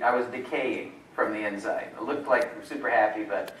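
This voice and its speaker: A man's voice: mid-range voice, normal speed, a bit bright, a little hiss or hum. A man from Georgia, a nurse giving a joking, self-deprecating conference talk. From Georgia, USA. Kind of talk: humorous keynote talk. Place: large conference hall at a resort. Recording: echoey hall from far off.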